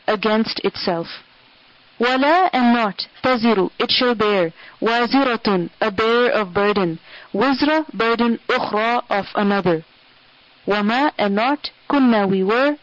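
A woman's voice: on the high side, dry recording, dull audio. A woman reciting scripture one Arabic word at a time and giving a short English gloss after each, in a clipped, methodical way. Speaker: Quran word-by-word translator.

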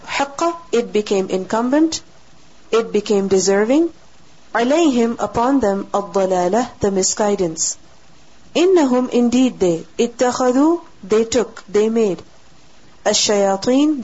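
A woman with a slightly high, breathy voice reads scripture word by word at a brisk clip. She recites each Arabic word in a raised tone, then glosses it in plain English. The recording is dull and lo-fi. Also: darkish tone. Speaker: Quran reciter and translator. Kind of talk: word-by-word scripture translation reading.

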